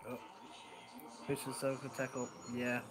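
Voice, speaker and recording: A man's voice: medium pitch, completely flat delivery, measured pace, over music, poor audio. An Australian man chatting casually on a live stream, rambling and joking and laughing often, talking into a headset microphone.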